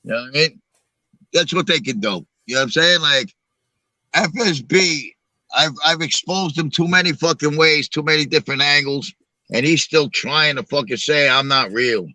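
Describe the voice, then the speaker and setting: A man's voice: fairly high pitch, moderate pace, pushed and bright, no echo. A middle-aged man from Long Island, hosting a live-stream and telling blunt, profane street stories. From Long Island, New York. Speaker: show host. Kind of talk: casual live-stream talk.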